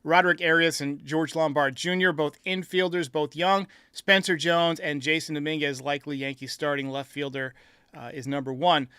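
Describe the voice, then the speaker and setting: A man hosting a sports podcast, talking in an energetic, upbeat way and laughing easily. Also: on the high side, normal speed, clean tone, no room sound, clean studio sound. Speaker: podcast host. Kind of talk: casual sports podcast talk.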